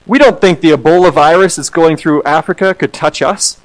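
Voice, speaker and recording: Pastor guy preaching, bit higher voice, lively, keeps repeating himself, church feel. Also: normal speed, hardly any pauses, low-quality recording. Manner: animated, acts out quoted voices, repeats words. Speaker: associate pastor. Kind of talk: sermon.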